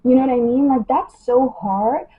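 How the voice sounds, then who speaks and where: A young woman with a slightly husky, fairly high voice talks to her followers in a loose, rambling way, full of fillers. The sound is dull and lo-fi, like a phone livestream. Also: moderate pace. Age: young adult. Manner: chatty, lots of "like" and "you know". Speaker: model livestreaming her skincare routine. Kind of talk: casual livestream chat.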